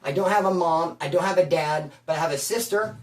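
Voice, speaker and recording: A man from Bakersfield telling prison stories at home, animated and slangy, calling the listener bro and dude. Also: on the high side, a little fast, far from the mic. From Bakersfield, California. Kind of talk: casual storytelling. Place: at home, indoors. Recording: roomy room, from off mic.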